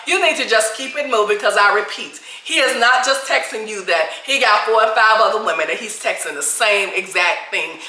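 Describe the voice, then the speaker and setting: Woman, emphatic dating advice vlog, lively swooping pitch, bright voice, echoey room. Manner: emphatic, repeats "all right?" and "okay?" constantly. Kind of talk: direct-to-camera advice talk.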